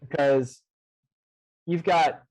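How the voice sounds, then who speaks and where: Man, game master, casual chat, animated, profane, rambling, slightly high voice, webcam. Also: extremely slow, poor audio.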